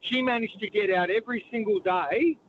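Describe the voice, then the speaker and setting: A man's voice: high voice, a little fast. A man calling in to a radio show, telling a rambling, enthusiastic story. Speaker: radio caller. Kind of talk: phone-in chat. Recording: lo-fi phone line with faint background noise.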